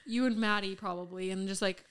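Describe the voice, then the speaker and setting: A woman's voice: mid-range voice, steady tone, brisk, clear, resonant tone. A young woman co-hosting a podcast, telling a personal story in casual chat, full of fillers. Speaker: podcast co-host.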